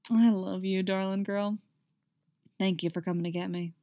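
A woman's voice: mid-range voice, fairly even intonation, normal speed, mellow, dry recording, studio quality, natural voice. Woman reading as a smug, teasing lover. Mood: teasing, tender. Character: teasing devoted man, dangerous and affectionate.

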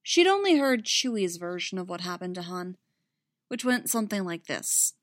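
A woman reading a story aloud in a quiet, measured way. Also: lowish voice, very animated, noisy background. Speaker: narrator. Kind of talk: audiobook reading.

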